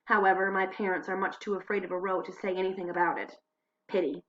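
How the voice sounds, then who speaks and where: A woman reading diary entries aloud at home into a computer mic, expressive, slowing and hushing for dramatic moments. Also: mid-range voice, dull audio. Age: adult. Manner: expressive, slows and hushes for drama. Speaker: diary reader.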